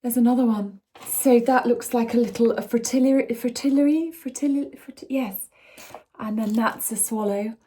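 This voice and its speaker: A woman vlogging casually at home, gushing and excitable, often dropping into soft whispers. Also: a little high, normal speed. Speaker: lifestyle vlogger. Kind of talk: casual chat to camera. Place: home indoors.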